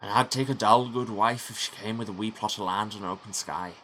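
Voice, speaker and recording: A man's low-leaning voice, fairly quick and sharp in tone, portrays a gloomy young Scottish doctor with a dry, rueful air, using a shaky put-on Scottish accent that keeps drifting into Irish.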